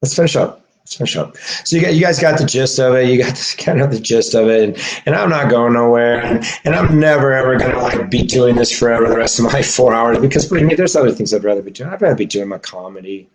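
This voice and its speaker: A man streaming a rambling, profane monologue, swinging from low muttering to shouting and laughing between phrases. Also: quick pace.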